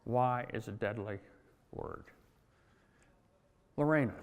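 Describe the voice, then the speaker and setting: A man's voice: mid-range voice, lively intonation, unhurried, pauses often. Chatty man in a hall. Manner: chatty, self-deprecating, laughs at own jokes. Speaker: speaker at a convention. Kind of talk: conference talk with anecdotes. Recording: long hall reverb.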